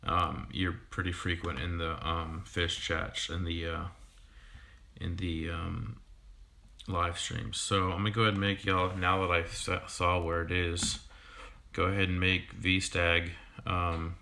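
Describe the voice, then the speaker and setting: A man in his thirties talks casually to viewers on a livestream, stopping and restarting often with lots of ums. His voice is very low and flat in pitch, with a bright, slightly edgy tone. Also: creaky. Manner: halting, full of ums and restarts. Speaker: fishkeeping YouTuber and sixth-grade teacher.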